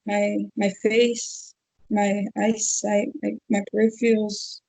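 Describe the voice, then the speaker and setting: Hesitant, husky woman under hypnosis. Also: medium pitch, flat delivery, mellow, no room sound, low-quality recording. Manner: hesitant, halting, with fillers. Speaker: hypnosis client. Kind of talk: describing visions under hypnosis.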